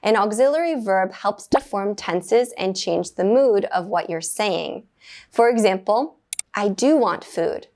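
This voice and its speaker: A woman with a mid-range voice teaches beginner English grammar from a script. She speaks clearly at a measured rate, and her voice lifts brightly each time she praises the learner.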